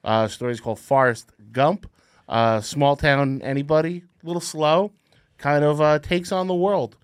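A man with a fairly high voice plays a casting director in a comedic podcast bit. His delivery is quick and deadpan, with teasing asides. The sound is dry and close. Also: smooth, dry recording.

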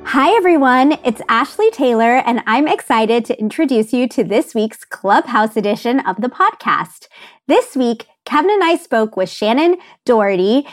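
A woman reads a scripted podcast intro in a fairly high voice. Her delivery is bright and enthusiastic. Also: animated, normal speed, faint music behind. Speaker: podcast co-host.

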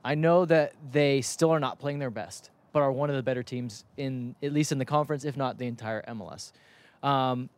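A young man hosting a casual soccer talk show, telling stories quickly and acting out what others said. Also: mid-range voice, smooth. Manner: animated, quick storytelling with acted-out quotes. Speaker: soccer podcast host. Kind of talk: casual sports chat.

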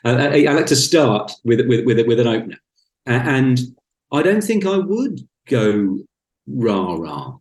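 A man in his fifties speaking as a podcast guest, joking about himself in a wry, blunt way. His voice sits at an ordinary middle pitch. The room around him is roomy and echoey. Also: lively intonation, normal speed, darkish tone. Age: 50s. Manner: wry, self-mocking, blunt humor. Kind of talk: casual conversation. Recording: roomy echo.

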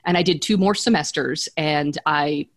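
A woman's voice: low-pitched, normal speed. A woman in her thirties, a podcast guest chatting in an upbeat way and laughing easily. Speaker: podcast guest, business strategist. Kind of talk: casual interview chat.

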